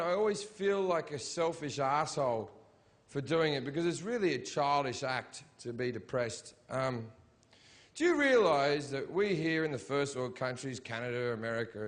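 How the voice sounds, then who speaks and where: A high-pitched man works a theatre crowd with a stand-up routine. He swears through nearly every line, shouting the big punchlines and dropping to a low mutter between them. A faint hiss runs underneath. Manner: heavy swearing, swings from loud shouted rants to low mumbling asides. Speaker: stand-up comedian. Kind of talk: stand-up comedy set. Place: sold-out theatre.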